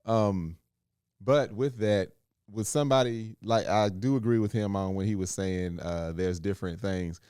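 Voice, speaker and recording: A man's voice: fairly low pitch, a little slow, darkish tone, smooth, no echo, clean studio sound. Laid-back man chatting on a podcast. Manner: laid-back, laughs while acting out quotes. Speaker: podcast co-host. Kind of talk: casual chat.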